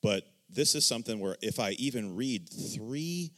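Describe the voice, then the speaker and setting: Animated man telling a faith story. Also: medium pitch, normal speed. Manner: animated storyteller acting out quoted dialogue; says "right?" often to check in with listeners. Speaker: church member sharing testimony. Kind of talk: casual faith discussion.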